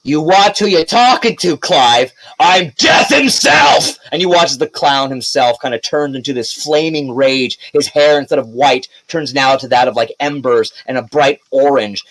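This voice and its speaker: A man narrating a tabletop game as game master, casual and lively. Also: mid-range voice, no room sound, poor audio.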